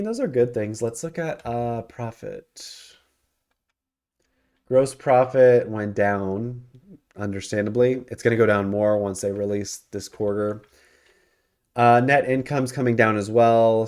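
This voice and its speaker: Man, low-pitched voice, casual investing talk, rambling with filler words. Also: darkish tone, clear, resonant tone. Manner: loose and rambling, full of ums and self-corrections. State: yawning and hiccuping. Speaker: investing channel host. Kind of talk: casual screen-share stock commentary.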